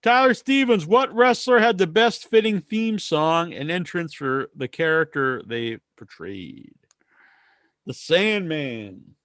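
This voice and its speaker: A man's voice: on the high side, expressive, slow, fairly bright tone, no room sound, studio quality. A man hosting a casual wrestling podcast, reading listener questions and giving opinionated rants. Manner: opinionated, ranting.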